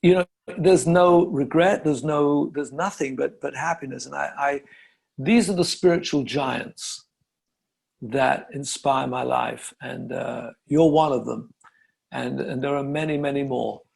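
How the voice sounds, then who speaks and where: A man hosting an interview, speaking effusively with frequent halting restarts. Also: medium pitch, vocal fry, a little mellow, husky. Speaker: yoga teacher, host. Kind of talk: conversational interview.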